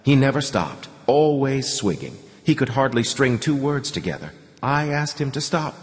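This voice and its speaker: A weary young woman speaks bluntly and bitterly in short, plain sentences, read by a male narrator. Her pitch rises and falls in a lively way. A long reverb trails after each line of this audiobook dialogue. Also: normal speed, close to an everyday voice.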